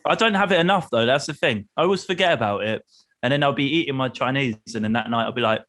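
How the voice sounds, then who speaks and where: A travel group leader from the United Kingdom guests on a casual podcast, swapping stories, voicing the dialogue himself and laughing plenty. His mid-range voice is fast and a bit bright, with slight background noise behind it.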